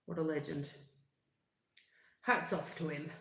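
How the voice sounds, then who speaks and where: A woman, chatting in a rambling, relaxed way on a livestream, full of fillers and asides. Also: deep voice, slow pace, creaky. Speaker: livestream host. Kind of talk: casual livestream chat. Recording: echoey room.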